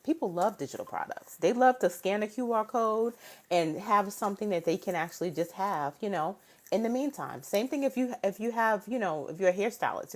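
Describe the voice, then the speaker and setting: A woman in her thirties hosting a casual motivational live stream from home on a phone mic. She talks animatedly, greets viewers by name and keeps checking in with "right?". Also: fairly low pitch.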